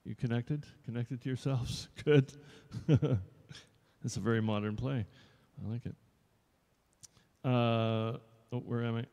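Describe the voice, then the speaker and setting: A chatty fifty-something actor talks casually to a live audience in an echoing showroom, rambling along and joking with them. His voice sits mid-range with a dark tone and fairly even intonation, and he takes it slowly, pausing at length.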